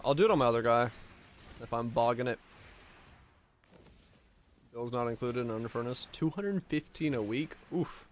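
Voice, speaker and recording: Man, game streamer, casual rambling chat, mid-pitched voice. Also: slight background noise. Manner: relaxed, rambling, reads chat aloud. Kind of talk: casual chat while playing.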